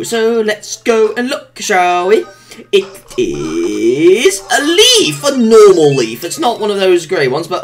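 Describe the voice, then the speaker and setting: A woman commentating her own video game playthrough, excitable, coaxing her character along, humming tunes and yelping at mishaps. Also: fairly low pitch. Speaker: gameplay commentator. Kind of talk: let's-play commentary.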